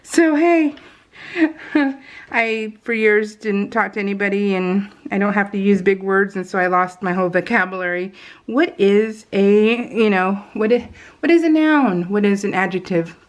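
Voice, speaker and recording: A woman's voice: mid-range voice, unhurried. A middle-aged woman chatting casually in a voice-over about her family, self-deprecating and laughing often. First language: English. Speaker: scrapbooking vlogger. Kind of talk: casual voice-over while crafting.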